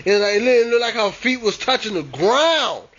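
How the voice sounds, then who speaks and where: A man with a very high, bright voice tells a scary story. His pitch leaps all over as he acts out the screams. The recording is dull and lo-fi, with faint noise underneath. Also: very animated, normal speed. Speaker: vlogger. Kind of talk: casual spooky storytelling.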